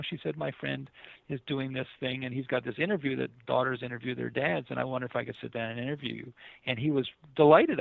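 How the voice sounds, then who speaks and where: A man's voice: medium pitch, gravelly, no room sound. A middle-aged man, a guest on a radio interview, tells a story in an earnest, rambling way with many fillers. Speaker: author and guest. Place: Los Angeles area. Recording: dry tinny phone line.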